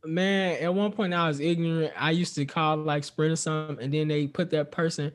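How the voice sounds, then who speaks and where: A man's voice: on the high side, steady tone, fairly quick. A young man co-hosting a podcast, chatting casually and telling stories with lots of swearing and quoted asides. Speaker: podcast co-host. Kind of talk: casual chat.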